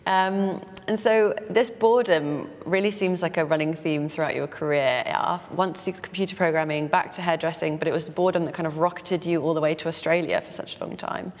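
A woman's voice: deep voice, brisk, few pauses, big-room sound. A woman interviewing a guest on a live stream, attentive and encouraging, prompting with questions. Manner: attentive, encouraging with murmured agreement.

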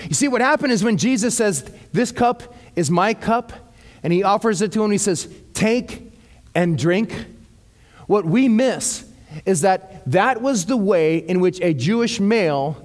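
A male pastor giving a sermon. He reads scripture slowly, then breaks off into lively, casual asides. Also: high-pitched.

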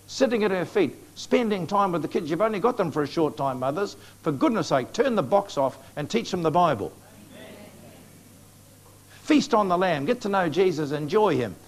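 Earnest New Zealand preacher, fairly high voice. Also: male voice. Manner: earnest, urgent exhortation with direct appeals to the congregation. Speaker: evangelist preacher. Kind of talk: sermon. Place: church meeting before a live congregation.

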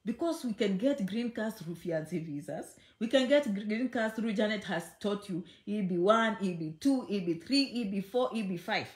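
A woman's voice: mid-range voice, animated, normal speed, hardly any pauses. Chatty, emphatic woman in an echoey room. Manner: chatty and emphatic, repeats phrases, teasing. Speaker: immigration vlogger. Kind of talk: casual direct-to-camera talk.

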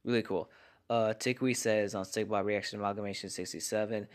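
A man hosting a casual comment-reaction vlog from his home garage, talking in a hushed voice to keep quiet. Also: on the low side, steady tone, brisk. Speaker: channel host reading viewer comments.

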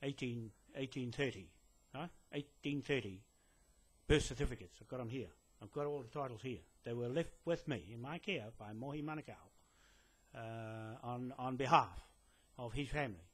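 A man's voice: mid-range voice, moderate pace, husky. Kiwi guy talking straight to camera inside a building, lots of ums, keeps restarting, lectures like he's laying down the law. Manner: rambling, hesitant, with many fillers and restarts; insistent, emphatic and lecturing. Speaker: land claimant addressing a police detective. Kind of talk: direct-to-camera message. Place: indoors in a building.

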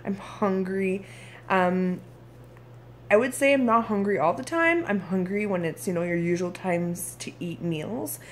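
A woman's voice: mid-range voice, a little slow, a little hiss or hum. A woman in her thirties from Canada, talking frankly in a casual video diary, tired and irritable, now and then swearing. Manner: candid, frank, occasionally swears. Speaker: vlogger.

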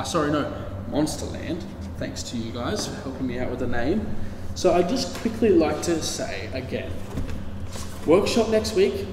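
Brief: playful workshop host man, lively bouncy pitch, roomy hall sound from a distance. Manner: playful, animated storyteller. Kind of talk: livestream craft workshop storytelling. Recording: echoey hall, distant mic, hiss.

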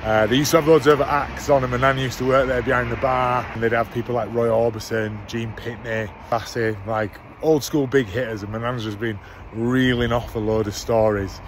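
An upbeat man in his thirties talks to camera from inside a car, slipping into a motivational coaching tone. His voice sits at an ordinary middle pitch, with a faint hum of noise underneath. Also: fairly even intonation, moderate pace. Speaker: vlogger and dad. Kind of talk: casual vlog chat to camera. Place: in a car on the school run.

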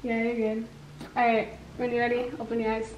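A young mother in casual family chat, soft-spoken and coaxing, laughing often. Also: fairly high pitch, completely flat delivery, fairly quick, reverberant, muffled recording, a little hiss or hum. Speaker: new mother.

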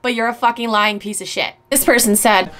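A woman YouTuber reads mean comments aloud and answers them bluntly, sarcastically and with frequent swearing in a casual vlog. Her voice is on the high side and a bit bright, brisk, with fairly even intonation.

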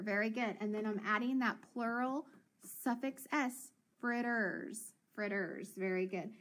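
A woman teacher leading a children's phonics lesson, encouraging and sounding out words slowly. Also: mid-range voice, a bit bright.

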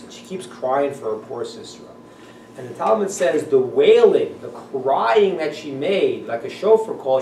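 A male rabbi teaching a class in an animated manner, acting out voices and laughing often. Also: fairly high pitch. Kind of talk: class lecture. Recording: echoey room, voice from a distance, faint noise.

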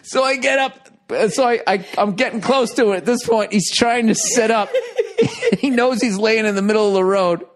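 American man, high voice, podcast host, casual story, profane, laughing. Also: normal speed. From United States. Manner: animated, profane, laughing often through the telling.

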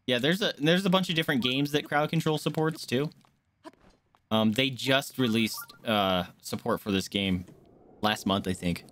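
A woman's voice: extremely low pitch, normal speed, slight background noise. A young woman giving casual, jokey commentary while she streams a video game and chats with viewers. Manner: chatty, laid-back, jokey.

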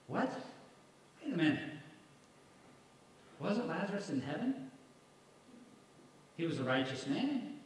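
Evangelist preaching in a booming echoey hall. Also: male voice, very animated, unhurried, long pauses. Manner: emphatic, rhetorical questions to the congregation. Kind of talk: sermon with scripture reading. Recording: very echoey hall, mic far off, faint noise.

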